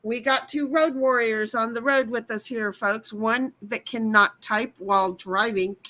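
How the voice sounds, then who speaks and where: A high-pitched American woman hosting a relaxed stream. She rambles and teases her chat playfully, reacting to each message as it comes in. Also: a little slow, poor audio. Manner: chatty, rambling, playful teasing. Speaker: livestream host. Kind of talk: casual chat, reading chat aloud.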